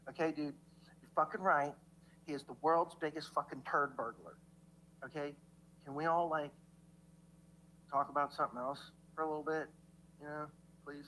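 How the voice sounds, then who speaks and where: A man's voice: fairly high pitch, pushed and bright, a little hiss or hum, rough recording. Rambling, swearing man ranting. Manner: rambling, stammering restarts, heavy swearing. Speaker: livestreamer in played clips. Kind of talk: rambling profane rant.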